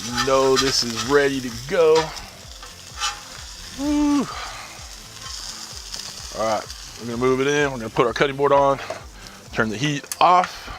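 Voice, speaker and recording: A man's voice: mid-range voice, brisk. A man hosting his own cooking channel, chatting enthusiastically as he talks viewers through each step. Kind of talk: casual cooking vlog.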